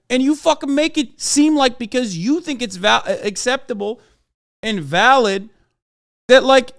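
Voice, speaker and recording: Brief: high-voiced male streamer, heated profane rant, smooth clear tone. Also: no room sound, clean studio sound. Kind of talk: live-stream reaction rant.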